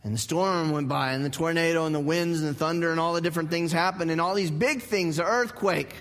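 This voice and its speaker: High-voiced pastor in a reverberant hall. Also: male voice, brisk, a bit bright. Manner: conversational and joking, repeating key phrases. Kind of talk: sermon. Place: church sanctuary.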